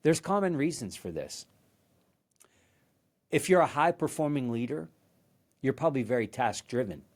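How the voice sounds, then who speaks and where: A man's voice: mid-range voice, sing-song, normal speed. A man hosting a podcast, giving a motivational leadership talk in an earnest storytelling manner, often restarting and repeating words. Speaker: podcast host.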